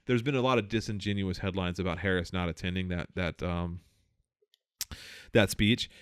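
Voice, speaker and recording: A man with a lowish, smooth, resonant voice, talking close to the mic in a dry, dead room. He rambles through casual political chat on a podcast, swearing freely and stopping often to restart his sentences. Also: steady tone, normal speed, no room sound. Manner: rambling, profane, many fillers and restarts. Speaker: podcast co-host.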